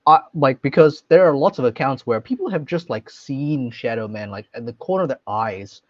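A man's voice: mid-range voice, moderate pace, no room sound. Man, podcast co-host, thoughtful, lots of likes, dry close sound, dull lo-fi audio. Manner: thoughtful, hedging with many likes. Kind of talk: casual chat about ghost stories.

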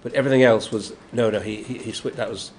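A man's voice: fairly low pitch, quick pace. An older man with a Yorkshire accent, an actor telling anecdotes in an interview, acting out the quotes and laughing often. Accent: Yorkshire English. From Yorkshire, England. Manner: lively storyteller, acts out quotes, laughs often. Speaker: guest actor. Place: convention room. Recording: noisy convention room.

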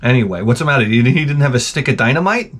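Animated New guy telling stories. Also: medium pitch, fast. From New York. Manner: animated, profane, sarcastic asides. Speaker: gaming channel host. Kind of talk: casual rambling storytelling.

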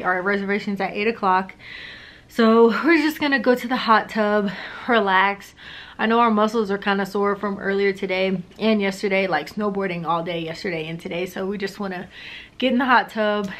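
A woman chatting casually to her camera in a travel vlog, loose and full of fillers. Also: medium pitch. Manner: chatty, filler-heavy, talks straight to camera. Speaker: vlogger. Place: hotel room and ski resort.

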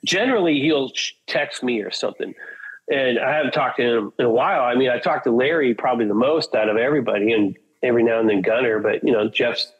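A man's voice: medium pitch, quick pace, slightly rough, muffled recording. A man, a metal singer from Portland, Oregon, telling rambling, profane anecdotes in a casual chat and acting out what others said. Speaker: guest, metal band singer.

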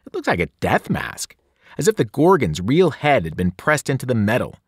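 A man's voice: medium pitch, big pitch swings, normal speed, breathy edge, no room sound, studio quality. Man reading a novel aloud dramatically. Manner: dramatic, with whispered and shouted voices. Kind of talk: expressive read-aloud narration.

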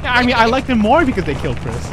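High swoopy woman streamer, excitable and sweary, game noise under her. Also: racing. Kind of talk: casual gaming chat.

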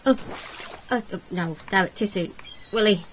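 A woman's voice: mid-range voice, steady tone, unhurried, long pauses, a bit bright, a little hiss or hum, low-quality recording. Comically dramatic woman gaming commentator. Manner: comically dramatic, whiny pleading. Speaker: video game player. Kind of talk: casual let's-play commentary.

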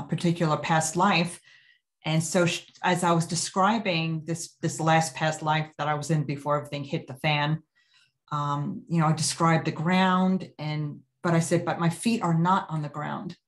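A woman with a slightly low voice talks through a personal story on a video call. She is chatty and loose, restarting sentences and leaning on filler words as she acts out what people said. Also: steady tone, moderate pace. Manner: chatty, many fillers and restarts, quotes herself and others. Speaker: guest telling a past-life story. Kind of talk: casual storytelling.

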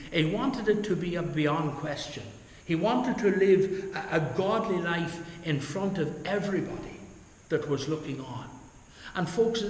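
Pastor, earnest sermon with homely asides, slightly high voice, echoing church hall. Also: male voice, slight background noise. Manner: earnest, drops low and soft at the end of points; tells homely stories with asides to the congregation. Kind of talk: Bible study sermon. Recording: echoey church hall, long reverb.

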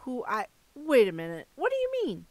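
A woman's voice: fairly high pitch, big pitch swings, measured pace, no echo. A woman voicing a blunt, startled young boy who questions everything, in an audiobook reading. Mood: incredulous. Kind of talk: audiobook character voice.

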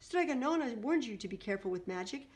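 A woman's voice: fairly high pitch, expressive, fast talker, voice pushed up, lightly acted. A woman voicing a clever, sensible young woman apprentice who speaks in an earnest, cautioning way in a read-aloud storybook.

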